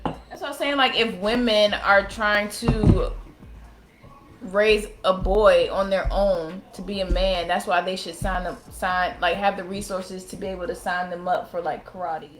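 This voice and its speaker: A woman's voice: mid-range voice, steady tone, measured pace, noisy background. Questioning woman host in an echoey room. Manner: inquisitive, direct questions. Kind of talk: casual chat.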